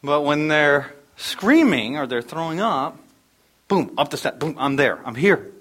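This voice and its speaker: Middle-aged pastor guy preaching, kinda high voice, lively storytelling then hushed bits. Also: measured pace. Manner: storytelling, animated, drops to near whisper for emphasis. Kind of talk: sermon.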